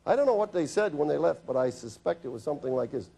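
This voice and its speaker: A middle-aged physician telling stories from his office to an audience, with dry humor and quick asides where he plays his patients. His voice is dark and mellow, with a husky, slightly breathy edge. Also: fairly high pitch, animated. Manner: anecdotal, acts out patients' and his own lines with humor. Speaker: physician giving a health talk. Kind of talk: storytelling health lecture.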